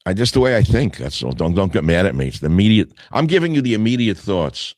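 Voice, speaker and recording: A man's voice: fairly low pitch, very animated, fast talker, a little mellow, no room sound. An older man hosting a talk radio show, reading headlines aloud and answering each with sarcastic, scornful asides.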